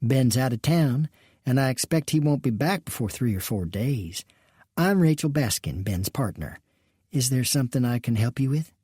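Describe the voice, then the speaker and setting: Courteous businesswoman of the saloon, read by a man; low-key, mellow, gentle. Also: expressive, moderate pace, breathy edge, dry recording, studio quality. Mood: gracious. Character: gracious woman saloon partner.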